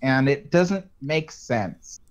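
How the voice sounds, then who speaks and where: A man co-hosting a live stream, chatting casually in an animated way and laughing often. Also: medium pitch, slow. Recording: muffled lo-fi sound.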